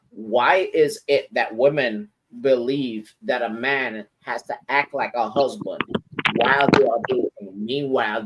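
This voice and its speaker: A man's voice: mid-range voice, heavy background noise. A man co-hosting a casual panel chat, emphatic and steering the questions. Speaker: co-host.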